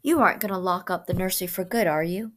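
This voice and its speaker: A woman's voice: fairly low pitch, fast talker, close to an everyday voice. A woman voicing a sulky spoiled boy in a storybook reading, curt and defiant.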